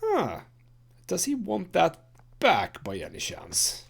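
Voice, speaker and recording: A man's voice: high-pitched, huge pitch swings, takes it slowly, gravelly, slightly rough. A man hosting a let's play, casually commenting on gameplay and thinking aloud with frequent fillers.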